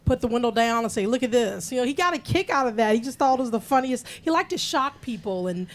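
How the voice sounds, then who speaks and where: A woman's voice: fairly high pitch, expressive, fast. A middle-aged woman, a guest in an interview, talking about her father and acting out his lines. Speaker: interview guest, daughter of the film's subject. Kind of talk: casual interview chat.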